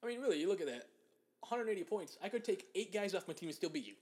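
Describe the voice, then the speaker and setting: A man's voice: high voice, animated, fast talker, darkish tone. A young man co-hosting a casual chat, ranting angrily and profanely about sports and mocking people in put-on voices. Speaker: podcast co-host.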